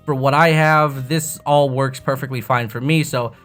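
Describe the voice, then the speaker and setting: Brief: casual young male tutorial host, profane and self-mocking, bassy desk mic, faint music underneath. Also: fairly even intonation, normal speed, a bit bright. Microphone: desk microphone with bass-boosting EQ.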